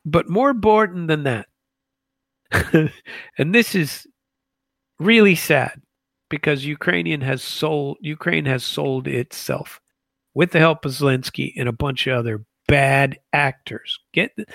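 A man giving a casual political commentary monologue, halting with many fillers and restarts. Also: a little high, gravelly, a bit bright, no room sound.

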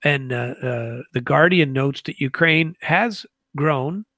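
A man giving a casual political commentary monologue, halting with many fillers and restarts. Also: fairly high pitch, pushed and bright, dry recording.

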